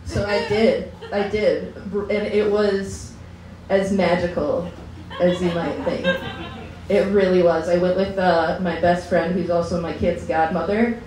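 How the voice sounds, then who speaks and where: A woman's voice: lowish voice, steady tone, measured pace, a crowd in the background. A woman doing a stand-up comedy set, chatty and loose, who often laughs through her own lines. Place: comedy lounge stage. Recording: echoey room, mic from far.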